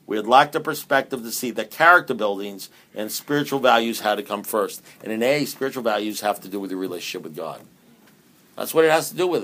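A man's voice: mid-range voice, a bit bright. A man giving a humorous, emphatic talk at a recovery meeting, with many restarts and repeated phrases. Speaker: AA speaker.

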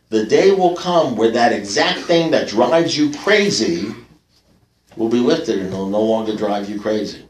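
A man's voice: mid-range voice, distant mic. Wry older man sharing in an echoey hall. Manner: wry, self-mocking, punchy delivery with laughter. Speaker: recovery meeting speaker. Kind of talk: storytelling share at a recovery meeting. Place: meeting hall with live audience. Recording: echoey room, picked up from afar.

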